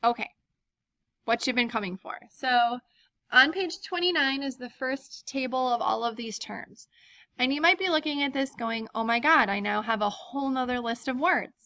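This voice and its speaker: A woman's voice: high-pitched, moderate pace, bright, forceful tone. A woman teacher casually walking students through a textbook chapter, explaining step by step with frequent ums. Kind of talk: recorded lecture walkthrough. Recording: dull lo-fi dry recording.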